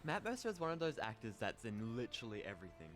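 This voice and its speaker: A man's voice: medium pitch, very animated. A man narrating a scripted, opinionated ranking of actors over music. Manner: brisk, opinionated.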